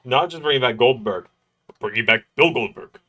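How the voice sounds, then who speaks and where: A man's voice: medium pitch, lively intonation, a little fast, bright, forceful tone. A man hosting a wrestling watch-along livestream, chatting casually and explaining at length.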